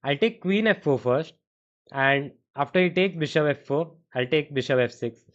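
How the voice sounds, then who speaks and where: A man's voice: a little high, moderate pace. A young man with an Indian accent, streaming chess and thinking aloud through variations while he answers chat in a casual way. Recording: dull, muffled stream audio.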